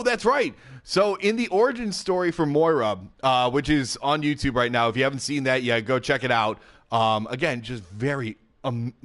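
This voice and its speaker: A man hosting a casual game commentary video from his home setup, talking into a headset mic in a chatty, excitable way, often laughing and filling pauses. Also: medium pitch. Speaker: gaming YouTube host. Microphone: gaming headset.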